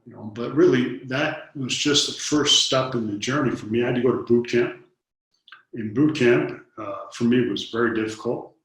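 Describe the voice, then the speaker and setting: A man's voice: medium pitch, moderate pace, fairly bright tone. Man telling stories in an echoey room. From Detroit, United States. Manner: earnest storyteller, acts out dialogue, repeats words when starting a thought. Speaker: interview guest. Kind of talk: storytelling in an interview.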